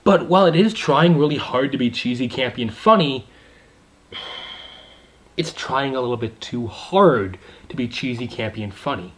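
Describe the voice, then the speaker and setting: A young man talks through a movie review in a loose, excited ramble, full of asides and fillers. His pitch swings widely and lively from word to word. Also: normal speed. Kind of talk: casual video review.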